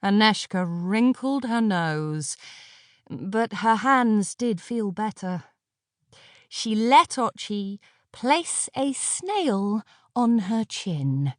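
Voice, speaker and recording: Female audiobook narrator, unhurried, expressive, dry close studio read. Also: mid-range voice, no room sound. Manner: measured, expressive storytelling.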